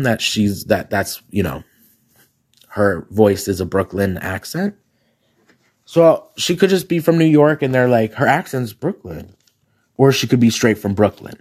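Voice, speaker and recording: A man with a raspy voice talks casually on his solo podcast. He chats like a drag queen, animated and sassy, trading gossip and laughing between thoughts. His pitch sits in the middle of the range. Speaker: podcast host.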